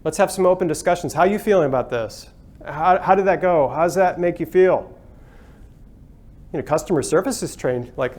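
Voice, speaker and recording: A man as a culture change consultant giving a conference workshop talk to a live audience, animated, acting out the voices he quotes. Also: a little high, fairly quick.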